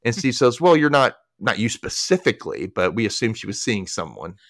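Podcast guy, medium pitch, super expressive when he quotes people, dry mic. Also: brisk, no room sound. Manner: animated, acts out quotes from scenes. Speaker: podcast host. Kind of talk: casual recap chat.

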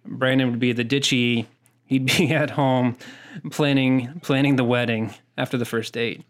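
A man's voice: mid-range voice, fairly even intonation, moderate pace. A man hosting a podcast in a joking, casual way, often restarting his sentences. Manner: joking, repeats words when starting sentences. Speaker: podcast host.

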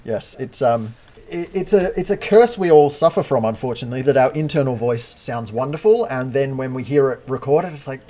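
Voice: mid-range voice, animated, brisk, warm tone. A podcast co-host in casual chat, teasing and chatty.

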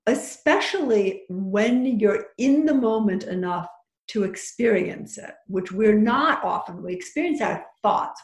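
A woman's voice: medium pitch, reverberant. A woman talking as a podcast guest who teaches psychic workshops, chatty and full of restarts and advice. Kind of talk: casual podcast chat.

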